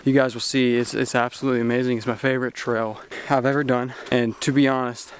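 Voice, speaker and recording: A man's voice: mid-range voice, flat delivery, quick pace, a little hiss or hum. Breathless young man vlogging on a hike. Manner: hiking uphill while talking. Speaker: hiking vlogger. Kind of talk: casual vlog talk to camera. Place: outdoors on a mountain trail.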